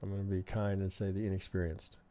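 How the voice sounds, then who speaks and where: A man's voice: sits low, monotone, fast talker, dark tone. A man teaching trading on a live stream, reviewing charts in a chatty way and often asking "right?". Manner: conversational, keeps asking "right?", thinks aloud. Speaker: trading instructor.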